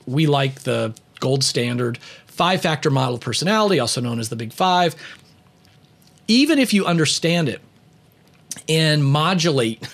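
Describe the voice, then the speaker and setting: A man talking about leadership and personality in a casual storytelling monologue, with lots of "you know" fillers and light chuckles. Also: medium pitch. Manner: conversational, many "you know" fillers, chuckles while telling.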